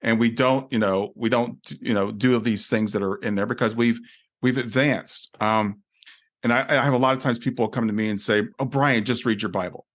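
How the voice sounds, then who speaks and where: A man's voice: mid-range voice, steady tone, normal speed. A man hosting an interview podcast, speaking earnestly and thinking aloud. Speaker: podcast host. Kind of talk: casual conversation.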